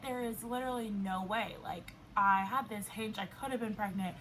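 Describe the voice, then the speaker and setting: At normal speed and with hardly any pauses, a woman in her twenties tells a personal story to camera in a mid-range voice, chatty and full of "like." A crowd can be heard behind her, and the poor audio carries faint background noise and a level that cuts in and out.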